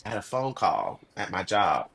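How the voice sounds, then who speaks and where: A man's voice: on the low side, moderate pace, vocal fry, husky. Man on a podcast, telling stories. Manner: animated storyteller, swears freely; earnest, preachy about life. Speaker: podcast guest. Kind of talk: casual conversation.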